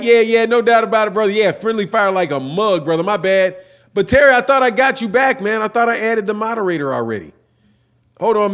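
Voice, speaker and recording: Middle-aged male stream host, high-pitched, loose and slangy, rambles through viewer comments. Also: fairly bright tone. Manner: reads chat comments aloud, slangy and rambling. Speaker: boxing channel host. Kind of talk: casual livestream chat.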